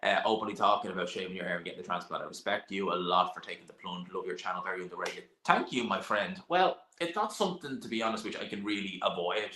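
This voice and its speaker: A young man chats bluntly on a live stream, answering his viewers as they ask. His voice sits a bit low but comes across bright and forward. The room around him is noticeably echoey. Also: fast, hardly any pauses. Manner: chatty, blunt, sighs and laughs, swears now and then. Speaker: live-stream host reading chat. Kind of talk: casual live-stream chat.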